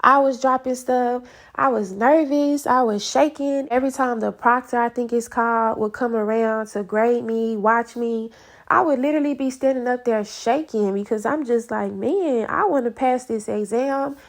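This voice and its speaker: A woman's voice: on the high side, normal speed. A woman telling a personal faith testimony in a casual vlog, acting out her own prayers as she goes. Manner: animated storytelling, acts out her own quoted prayers. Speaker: faith vlogger.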